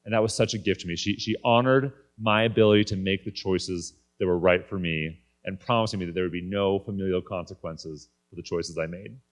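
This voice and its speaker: Brief: man, thirties, lowish register, candid conference speaker telling a personal story. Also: fairly even intonation, fairly quick, few pauses. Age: 30s. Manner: candid, conversational. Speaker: guest speaker. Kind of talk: personal faith talk. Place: conference stage.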